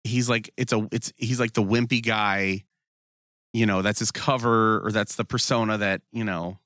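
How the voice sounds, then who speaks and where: A podcast co-host with a fairly low, fairly bright voice tells stories in casual chat, swearing and acting out quotes. His intonation is fairly even, his pace moderate, and the sound is clean studio audio with no room sound.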